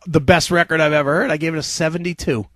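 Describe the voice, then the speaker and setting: A man's voice: a little high, fairly even intonation, quick pace, fairly bright tone, no echo. Laughing, foul-mouthed radio host man. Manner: blunt, laughing, swears freely. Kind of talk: casual profane radio banter.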